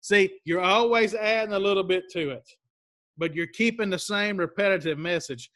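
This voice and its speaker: High, bright-voiced plain-spoken male instructor. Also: normal speed, no echo, clean studio sound. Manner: plain-spoken, stresses key steps. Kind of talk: instructional talk.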